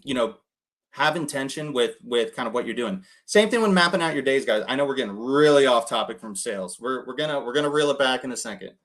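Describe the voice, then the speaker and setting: A man's voice: medium pitch, fairly bright tone. A young man giving casual coaching talk as host, rambling with many fillers and acted-out quotes. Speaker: host coaching cold callers.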